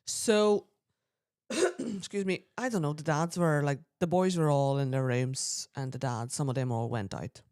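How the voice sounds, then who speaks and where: A woman co-hosts a podcast, telling a story in loose, chatty fashion. She often clears her throat and slips into other people's voices as she recounts what they said. The sound is close and dry. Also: low-pitched, measured pace, darkish tone, dry recording. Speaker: podcast co-host. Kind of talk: casual storytelling chat.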